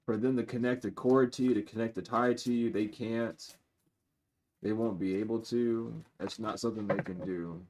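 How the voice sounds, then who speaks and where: A man giving a live-streamed tarot reading to his viewers. He is blunt and profane, and he swings between loud outbursts and low muttering asides. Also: fairly even intonation, moderate pace, slight background noise. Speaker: tarot reader.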